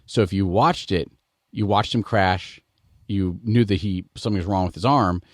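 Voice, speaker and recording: An American man hosting a podcast, chatting in a relaxed, conversational way that tends to wander. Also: low voice, moderate pace, dry recording, studio quality. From United States. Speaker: podcast host. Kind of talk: casual podcast chat.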